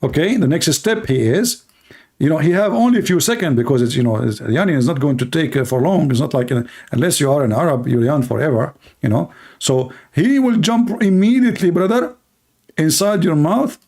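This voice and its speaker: Gravelly-voiced man, mocking sarcastic monologue. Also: on the high side, animated, brisk, darkish tone. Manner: broken English grammar. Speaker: livestream host. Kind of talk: satirical monologue. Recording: livestream talk to viewers.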